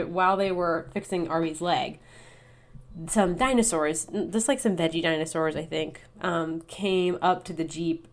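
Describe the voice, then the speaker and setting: A young woman co-hosting a podcast, recapping a novel in a casual, chatty way full of "like" and "um", and acting out the characters' lines. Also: on the low side. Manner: chatty, many fillers, acts out characters' lines. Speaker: podcast co-host. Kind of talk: casual book recap chat. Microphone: podcast mic over online call.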